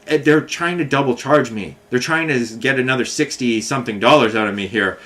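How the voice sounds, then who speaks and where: A man talks straight to camera in a loose, meandering way, circling back over the same points and restarting sentences. He sounds frustrated and keeps stacking fillers. His voice sits at an ordinary middle pitch. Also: fairly quick, a bit bright. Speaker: vlogger. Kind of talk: casual monologue recounting a complaint.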